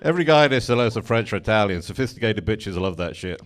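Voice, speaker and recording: A man's voice: fairly low pitch, lively intonation, quick pace. A man in his forties with an English accent, doing stand-up with dry, mock-indignant punchlines. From England. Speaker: stand-up comedian. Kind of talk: stand-up comedy.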